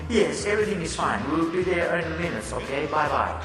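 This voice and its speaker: A man's voice: fairly high pitch, animated, quick pace, music in the background, pitched above the performer's own voice, close to an everyday voice. A man voicing a polite, apologetic young female assistant. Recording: echoey hall, far from the mic.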